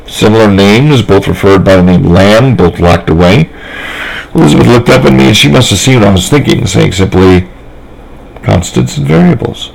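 A man's voice: fairly low pitch, brisk, vocal fry, rough recording. A man reading a first-person story aloud in a plain, conversational way, with small slips along the way. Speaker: narrator.

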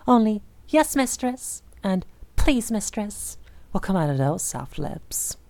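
A young woman voicing an obsessive, possessive dominant woman in an audio role-play, speaking in a soft, slow, teasing murmur. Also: medium pitch, sing-song, gravelly, heavily acted. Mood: possessive, crooning.

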